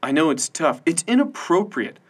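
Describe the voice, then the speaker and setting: A man's voice: a little high, sing-song, normal speed, breathy edge, pitched above the performer's own voice. A man voicing a stubborn, restless young woman reporter who talks in a tense, clipped way.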